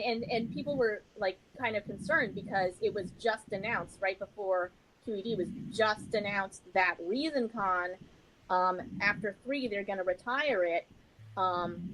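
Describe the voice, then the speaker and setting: A woman's voice: medium pitch, poor audio. Rambling chatty woman, faint hiss. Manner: rambling, self-deprecating, chatty. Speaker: podcast guest. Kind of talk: casual chat.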